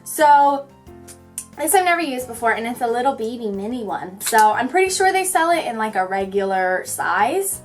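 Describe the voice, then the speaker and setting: A young woman chatting her way through a makeup tutorial, talking fast in a bubbly, goofy way. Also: a little high, very animated, soft background music. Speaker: beauty vlogger.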